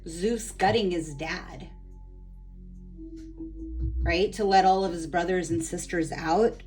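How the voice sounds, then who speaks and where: A woman leading a guided energy healing session, gently instructing a client and meandering with many ums and likes. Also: fairly low pitch, slow pace, soft background music, low-quality recording. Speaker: spiritual energy healer.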